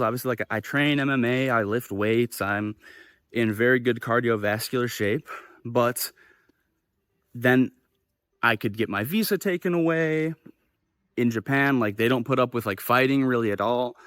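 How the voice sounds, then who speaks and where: A young man telling a story in a casual vlog, animated and swearing freely as he acts out the quoted voices. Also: mid-range voice, moderate pace, no echo, studio quality. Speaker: vlogger. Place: living in Japan.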